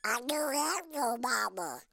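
A man in his nineties voicing a timid little orphaned male cartoon duckling with a high, squeaky voice. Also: expressive, slow, vocal fry, bright, forceful tone, exaggerated voice. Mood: plaintive. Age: 90s.

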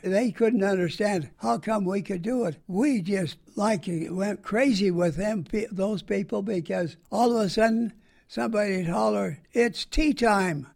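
A man's voice: high-pitched, creaky, darkish tone. An older man from the United States, a war veteran, tells rambling, folksy stories in an oral history interview.

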